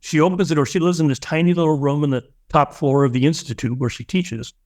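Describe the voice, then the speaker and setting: A man's voice: on the high side, steady tone, fast talker, darkish tone. A man, a spiritual teacher, telling a personal story as an interview guest, earnest and emotional, often restarting his sentences.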